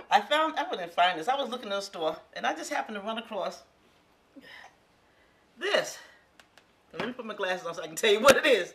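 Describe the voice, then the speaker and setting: This home cook in her sixties has a fairly low, slightly bright voice. She demonstrates a recipe in her own kitchen, addressing viewers directly in a folksy, exclamatory way during a casual cooking demo.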